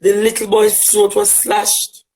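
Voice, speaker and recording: Speaking with a Jamaican accent, a man from Jamaica who advocates for LGBTQ rights fires a rhetorical monologue at a critic, hammering home repeated phrases. Oddly, his high, slightly mellow voice is completely flat in delivery and a little slow. It's a low-quality recording.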